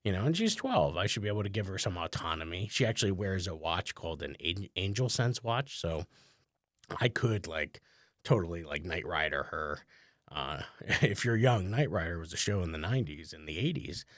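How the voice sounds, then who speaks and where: Man, comedian, very deep voice, casual rambling storytelling, lots of filler words, wry, dry close sound. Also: lively intonation, moderate pace, fairly bright tone, no room sound. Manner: rambling, conversational, many "like" fillers, chuckles often. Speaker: comedian and podcast host.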